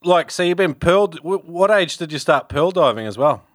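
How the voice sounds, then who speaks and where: A man's voice: a little high, animated, moderate pace, no echo, studio quality. A man hosting a casual interview, jokey and rambling as he asks questions. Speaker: podcast host.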